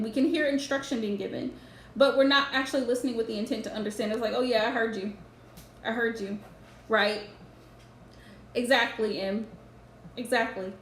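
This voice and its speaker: A woman giving a live-streamed tarot reading, earnestly advising viewers and often repeating her points. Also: high-pitched. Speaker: tarot reader. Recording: roomy echo with faint background noise.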